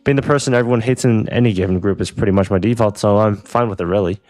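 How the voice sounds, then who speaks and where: A man reading the lines of a troubled teenage girl from a visual novel, quiet and apologetic, over faint music. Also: fairly low pitch, fast talker, lightly acted. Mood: resigned. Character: troubled teen girl, self-deprecating prankster.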